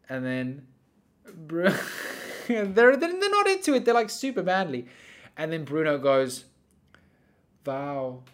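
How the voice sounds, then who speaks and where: A young adult man in casual chat, telling rambling stories in animated bursts. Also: medium pitch. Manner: rambling, animated storytelling that often breaks into laughter.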